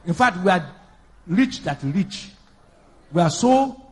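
A pastor preaching a sermon in a high, husky voice. He calls out questions for the congregation to answer and swells into loud, emphatic declarations. His delivery moves between quiet asides and forceful preaching. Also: very animated, slow pace. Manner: preaching with call-and-response, rising to loud emphatic bursts.

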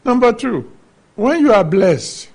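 A man's voice: very high-pitched, sing-song, slow pace, a little mellow, slightly rough. A man preaching a sermon, earnestly teaching from the Bible and citing chapter and verse.

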